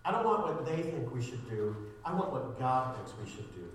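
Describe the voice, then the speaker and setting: A man's voice: mid-range voice, big pitch swings, moderate pace, slight background noise. Fervent pastor man in an echoey hall. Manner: sarcastic streak, builds to fervent emphasis. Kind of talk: sermon. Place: church sanctuary. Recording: echoey church hall, distant mic.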